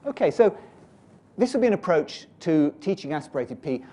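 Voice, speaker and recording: A man's voice: a little high, big pitch swings, normal speed, warm tone. A man, teaching pronunciation and demonstrating sounds aloud as he explains.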